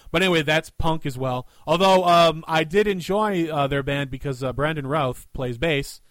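A man's voice: fairly high pitch, moderate pace, a bit bright, dry recording. Easygoing, stammering podcast man. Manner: hesitant, repeats words, easygoing. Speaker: podcast co-host. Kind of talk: casual chat.

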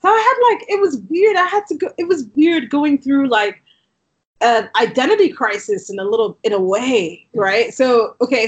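A fairly high-voiced woman with a London-tinged accent worn by time in Canada, telling her story in a relaxed, conversational way. She talks in animated bursts and scatters "like" through her sentences. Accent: London English, shifted by years in Canada. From Southeast London, England. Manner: animated storyteller, frequent "like" fillers, quick asides. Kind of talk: casual conversation.

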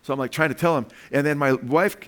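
A man's voice: on the high side, fairly even intonation, quick pace, a bit bright. An older man, a pastor, preaching a sermon built around family stories, chuckling often and calling out for amens. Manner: calls out for amens from the congregation. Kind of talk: sermon with personal anecdotes.

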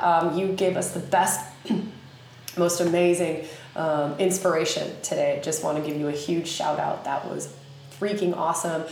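A woman's voice: low voice, a little hiss or hum. Chatty Southern woman in an echoey room. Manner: animated, chatty, many fillers. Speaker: podcast host. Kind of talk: casual spoken teaching monologue. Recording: very echoey room with faint ambience.

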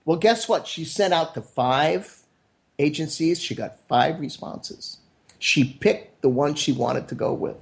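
A man's voice: on the high side, unhurried, vocal fry. A middle-aged man, a mentor and interview guest, telling upbeat stories and acting out the voices of the people he quotes. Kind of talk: storytelling conversation.

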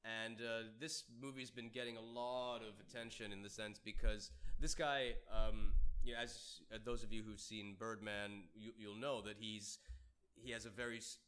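A man's voice: fairly low pitch, fairly even intonation, pushed and bright. Hesitant male podcast co-host. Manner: halting, restarts often, swears casually. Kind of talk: casual chat.

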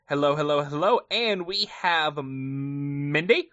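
A man's voice: on the high side, slow pace, fairly bright tone. A man hosting a podcast, chatting through a movie review in a jokey, self-deprecating way. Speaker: podcast host. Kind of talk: casual movie review chat. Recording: slightly muffled dry podcast audio.

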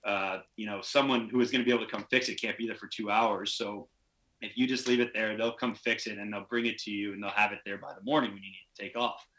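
A man's voice: fairly low pitch, fairly even intonation, quick pace, bright, forceful tone. A man telling a long, rambling story in a casual podcast chat, acting out the voices of the people he quotes. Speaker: podcast guest, pro hockey player.

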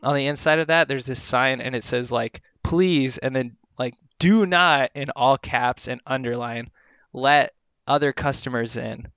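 A man's voice: medium pitch, a little slow, fairly bright tone, smooth, no echo. A man in casual chat, telling a rambling story with lots of filler words.

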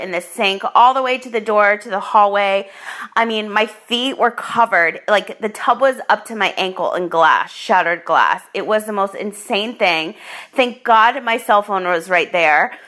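A woman's voice: mid-range voice, bright, forceful tone. A woman hosting her own show, telling a personal story in a chatty, laughing way, full of fillers. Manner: chatty, filler-heavy, laughing as she tells it. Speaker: podcast host. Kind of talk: casual storytelling monologue.

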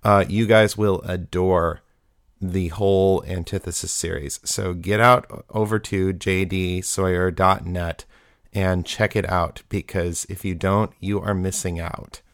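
A man's voice: low-pitched, fairly even intonation, measured pace, dry recording, studio quality. A man hosting a podcast and chatting casually through listener feedback, playful and enthusiastic. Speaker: podcast host.

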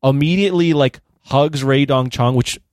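A man in relaxed, profane movie chat who keeps laughing and slips into voices to act out film scenes. His voice sits at an ordinary pitch and is recorded dry and close. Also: moderate pace, no room sound. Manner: laughing, acts out movie quotes, swears casually. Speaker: podcast co-host.

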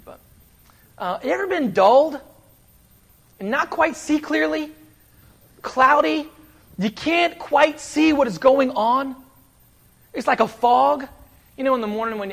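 A man preaching a sermon, telling stories animatedly and swinging between loud bursts and soft, hushed asides. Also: high voice, creaky. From West Virginia.

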